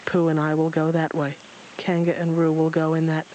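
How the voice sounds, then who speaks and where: A man voicing a wise, gray-haired old man in a storybook reading, gentle, measured and grave. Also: fairly high pitch, completely flat delivery, slight background noise, close to an everyday voice, low-quality recording. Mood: earnest. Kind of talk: storybook read-aloud.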